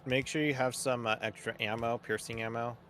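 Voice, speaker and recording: A man's voice: medium pitch, fairly even intonation, a little fast, a bit bright. A man with a mid-range voice plays along in a co-op game, sounding focused and a little unsure of himself. Faint noise sits under his voice. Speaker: guest co-op player. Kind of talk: casual co-op gameplay chat.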